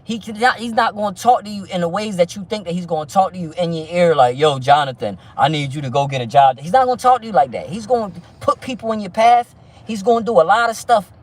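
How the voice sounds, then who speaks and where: A man's voice: high-pitched, fast. Preachy, profane man on a livestream. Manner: rambling, preachy about faith, heavy street slang and profanity; stumbling restarts, frequent "you feel me". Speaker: livestream host. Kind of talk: casual livestream chat with viewers.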